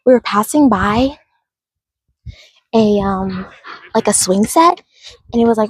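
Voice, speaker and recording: A woman's voice: mid-range voice, normal speed, pauses often, a little mellow, husky, no echo, low-quality recording. A woman livestreaming as she walks through a park outdoors, chatting and greeting viewers by name, recorded on a handheld phone. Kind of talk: casual livestream chat.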